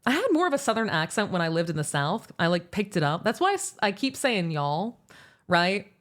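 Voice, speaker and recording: A young American woman hosting a livestream, chatting casually and answering chat in a rambling, animated way with laughs. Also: medium pitch, brisk. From United States. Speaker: VTuber streamer.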